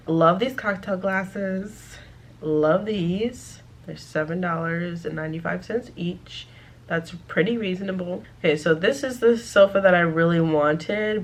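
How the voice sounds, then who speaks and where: A woman's voice: on the low side, fairly bright tone. A woman vlogger in casual chat, talking through home decor picks and thinking aloud with lots of "like" and "um".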